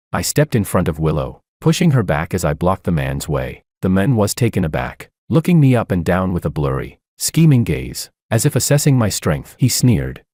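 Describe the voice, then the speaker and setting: A man narrating a scripted first-person story in a deep, low voice that swings widely in pitch. His delivery is steady and dramatic, and the recording is dry and close with no room sound. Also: moderate pace, hardly any pauses, no room sound.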